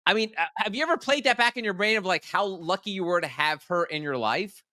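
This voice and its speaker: A man with a bright, forward voice hosts the interview, asking questions in a chatty, joking way full of fillers. The sound is dry and close. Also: high voice, animated, fast, no room sound. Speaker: podcast host. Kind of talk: casual interview.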